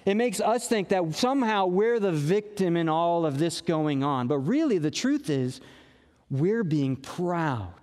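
A man's voice: fairly high pitch, expressive, measured pace, a little mellow, long reverb tail. A man preaching a sermon as pastor, earnest and conversational, with emphatic rises.

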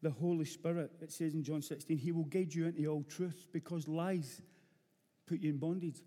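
A middle-aged Glaswegian man preaches a blunt, earnest sermon in a rough-edged Scottish voice that sits a little high for a man. He hammers his points home by repeating phrases. His words ring out with a long hall reverb. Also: steady tone, moderate pace, warm tone. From Scotland, Glasgow.

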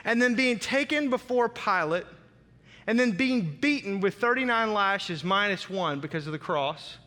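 A man's voice: high-pitched, animated, moderate pace, bright, forceful tone, in a large hall. A man preaching a sermon as pastor, emphatic and dramatic, with repeated phrases.

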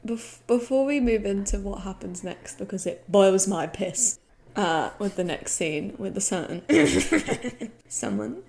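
A young woman co-hosts a relaxed TV recap, blunt and animated as she retells scenes. Her voice has a gravelly, fry-heavy edge at a middle pitch. She laughs and swears freely as she talks. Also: unhurried. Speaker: podcast co-host. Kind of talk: casual recap chat.

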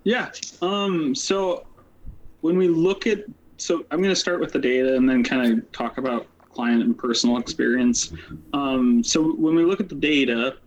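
A man's voice: medium pitch, fairly even intonation, a little hiss or hum, poor audio. A man being interviewed as a social worker, telling his story casually and rambling, with lots of "like" and "um" fillers. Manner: rambling, many "like" and "um" fillers, quick asides.

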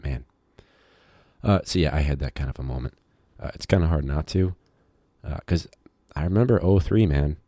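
A man who teaches high school, talking in a rambling, casual podcast monologue full of fillers and digressions. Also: brisk, dark tone, dry recording, studio quality.

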